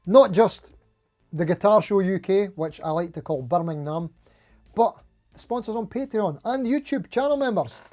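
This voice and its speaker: Guy hosting a live stream, high voice, rambles, laughs at himself. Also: lively intonation, normal speed, darkish tone, faint music behind. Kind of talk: casual live stream chat.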